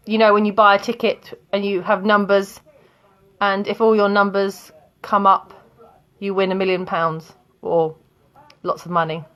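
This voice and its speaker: A woman's voice: mid-range voice, a bit bright. Chatty woman teaching grammar. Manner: chatty, friendly, asks students questions, laughs often. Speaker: English teacher. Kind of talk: live online grammar lesson.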